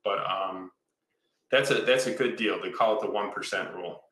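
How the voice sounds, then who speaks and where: A man's voice: lowish voice, normal speed, a bit bright. A man in his fifties from Michigan, an enthusiastic real estate investor who tells stories and checks in with "right?" in a casual conversation. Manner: enthusiastic, storytelling, explains with repeated "right?". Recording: roomy echo.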